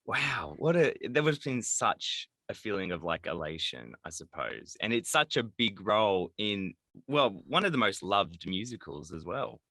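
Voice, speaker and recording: Lively podcast host. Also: female voice, extremely low pitch, dry recording, clean studio sound. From Australia. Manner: chatty, quick to laugh. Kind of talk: casual interview chat.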